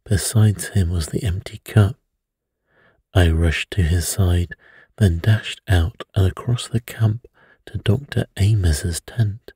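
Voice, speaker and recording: A man narrating a bedtime story in a slow, hushed storytelling manner. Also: low voice, breathy edge, dry recording, clean studio sound.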